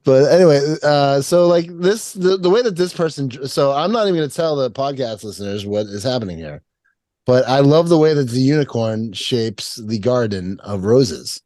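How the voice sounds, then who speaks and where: A man's voice: medium pitch, expressive, normal speed, warm tone, dry recording, studio quality. A man co-hosting a podcast in casual chat, joking and laughing often, restarting his sentences. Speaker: podcast co-host.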